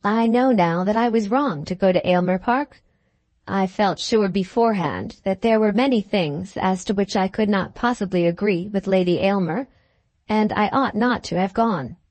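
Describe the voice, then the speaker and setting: A woman's voice: medium pitch, normal speed, darkish tone, no room sound, natural voice. Clara, a resolute young Victorian woman, as a narrator reads her. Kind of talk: audiobook dialogue reading.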